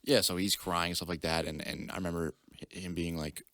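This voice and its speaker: A man's voice: deep voice, flat delivery, a little fast, bright, forceful tone, no echo, studio quality. A young man telling a story casually on a podcast, acting out the people he quotes in raised voices. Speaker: podcast guest.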